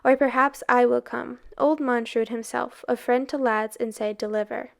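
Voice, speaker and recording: A woman reading aloud gives a mysterious older man who strikes a bargain a slow, solemn, coaxing delivery. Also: on the high side, flat delivery, creaky.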